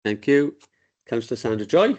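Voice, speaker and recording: A man's voice: mid-range voice, sing-song, moderate pace, a little mellow, highs cut off. A man chairing a council committee meeting. He speaks in an informal, joking way, with the sound of a desk microphone in a meeting room.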